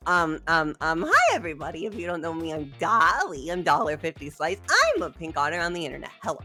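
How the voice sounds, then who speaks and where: A woman joining a stream as guest host, chatting casually and a bit flustered, with screechy high edges in her voice. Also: lively intonation, brisk, hardly any pauses, soft background music. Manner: bright, a bit flustered, repeats herself, soft-spoken intro.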